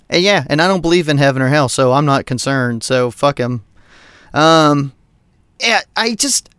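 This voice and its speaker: A man's voice: fairly high pitch, clean tone, dry recording, studio quality. Heated, profane man ranting. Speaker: podcast co-host. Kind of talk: casual political rant.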